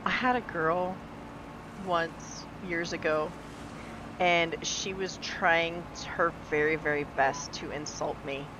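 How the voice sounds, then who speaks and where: A woman's voice: on the low side, takes it slowly, noisy background. A woman in her forties streaming live, telling stories in casual chat while gaming, laughing often and acting out the people she quotes. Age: 40s.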